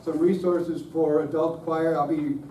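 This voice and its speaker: A man's voice: a little high, little pitch movement, a little slow, mellow. A middle-aged man giving a conference talk on worship, joking with the audience and poking fun at himself. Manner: self-deprecating, joking with the audience. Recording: roomy, distant room mic, faint hiss.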